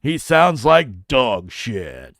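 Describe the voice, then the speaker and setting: Man, casual stream chat, mocking, dry close mic, lively pitch. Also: very slow, gravelly, no echo. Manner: mocking, scoffing, laughs at his own jokes. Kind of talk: casual live-stream commentary.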